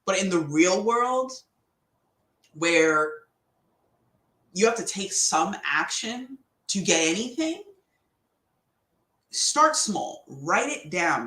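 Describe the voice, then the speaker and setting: Slangy woman motivational podcaster, animated delivery, roomy echo. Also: on the low side. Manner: animated, chatty, slangy, laughs often. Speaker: podcast host. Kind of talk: casual motivational talk.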